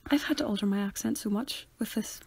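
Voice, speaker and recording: This is a young Northern Irish woman co-hosting a podcast and chatting casually, full of jokes and quick banter. Her voice sits in a mid range. The recording is close and dry, with no room sound. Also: mid-range voice, creaky, darkish tone, breathy edge, dry recording. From Northern Ireland. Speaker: podcast co-host. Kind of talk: casual chat.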